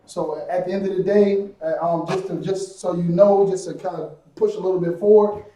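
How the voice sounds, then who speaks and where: A man's voice: high-pitched, steady tone, normal speed, mellow, a little hiss or hum. A man teaching a live-streamed class, casual and repetitive, with many fillers. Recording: echoey room from far off.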